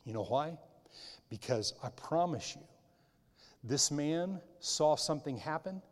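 A middle-aged male pastor preaching a sermon in a conversational way, swinging from loud emphatic bursts to quiet, low asides, with frequent restarts. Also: lively intonation, measured pace. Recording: long reverb of a large hall.

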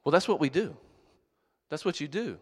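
A middle-aged man preaching a sermon as a pastor. He tells jokes and stories and shouts for emphasis. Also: on the high side, moderate pace. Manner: animated, joking storyteller who shouts for emphasis. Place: church hall. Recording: long reverb of a large hall.

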